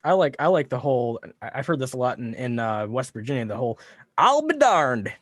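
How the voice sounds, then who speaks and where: A man on a livestream panel telling a personal anecdote in an animated way, with dramatic emphasis. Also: medium pitch, fast talker, dry recording, studio quality. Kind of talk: casual livestream round-table chat.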